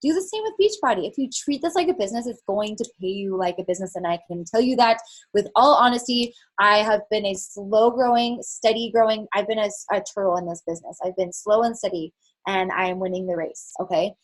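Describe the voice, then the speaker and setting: A woman's voice: medium pitch, fairly quick. Frank, chatty woman coaching her team. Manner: frank and chatty, swears, many fillers. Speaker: network marketing fitness coach. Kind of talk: candid motivational team call talk.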